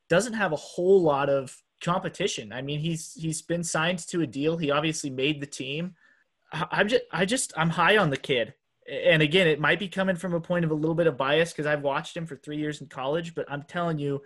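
A man's voice: a little high, fairly bright tone. A man co-hosting a sports podcast, talking earnestly in casual chat with frequent restarts. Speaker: podcast co-host.

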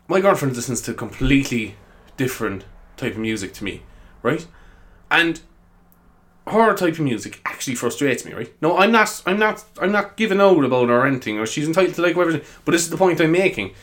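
A man's voice: on the high side, animated, brisk, a bit bright. Giggly, rambling young Irish man. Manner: rambling, giggly, easily sidetracked. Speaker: podcast host. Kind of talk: casual solo podcast chat.

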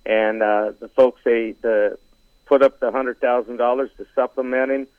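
A man's voice: medium pitch, flat delivery, no echo. Man on a tinny phone line. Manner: halting, lots of fillers, teasing. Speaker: horse racing analyst guest. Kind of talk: casual phone-in chat.

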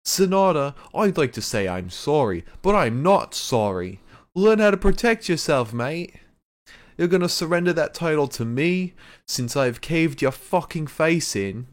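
A seething British brawler shouts and taunts, his voice leaping high and hard above the speaker's usual deep register, as a podcast host puts him on. He curses freely and drags out threats, every line pushed loud and close to a bellow. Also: sing-song, unhurried. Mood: furious. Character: furious foul-mouthed adult male wrestler.

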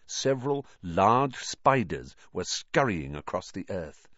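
A man narrating a storybook with an expressive, varied delivery. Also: low-pitched, takes it slowly, no echo, highs cut off. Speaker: audiobook narrator.

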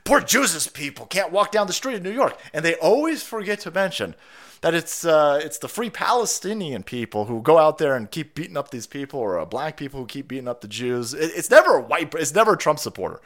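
A man's voice: fairly high pitch, expressive, fairly quick, fairly bright tone. Profane, heated ranting man. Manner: profane, heated, sarcastic rant. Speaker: livestream host. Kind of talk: ranting political commentary.

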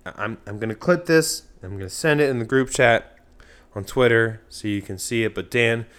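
A man's voice: mid-range voice, normal speed, fairly bright tone, clean tone. Profane, rambling podcast host man. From Pennsylvania, USA. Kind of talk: casual podcast chat.

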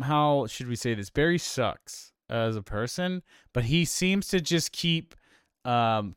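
Rambling man with a smooth voice. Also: a little high, dry recording, clean studio sound. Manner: rambling, many fillers and restarts, laughs easily. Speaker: podcast host. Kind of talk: casual film discussion.

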